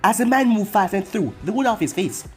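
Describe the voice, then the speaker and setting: Lively machine-like story narrator. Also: mid-range voice, a little fast. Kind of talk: reading fan fiction aloud.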